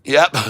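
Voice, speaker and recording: A man from Michigan hosting a casual live stream, excitedly reading out viewer shout-outs. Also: dry recording. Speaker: livestream host. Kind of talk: casual livestream chat.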